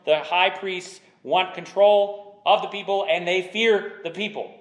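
A man's voice: high-pitched, steady tone, a little slow, echoey room, dull audio. A man preaching a sermon, pressing his point with repeated rhetorical questions.

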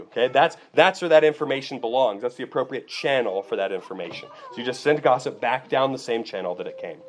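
A man preaching a sermon, teaching in a conversational way and often checking in with his listeners with "okay" and "right.". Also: mid-range voice. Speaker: pastor.

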